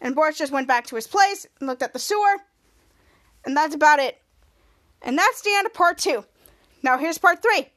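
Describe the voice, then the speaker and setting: A woman's voice: sits high, lively intonation, moderate pace, pauses often, fairly bright tone. A woman hosting a podcast, recapping a TV episode scene by scene in rambling, repetitive narration. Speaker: podcast host.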